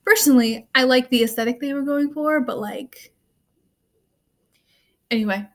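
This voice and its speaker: A young woman with a slightly high voice rants about a film straight to the camera. She rambles, leaning on "like" and "um" as she goes, with a wry, offhand edge. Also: moderate pace. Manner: rambling, full of "like" and "um". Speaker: student vlogger. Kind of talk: casual movie rant to camera.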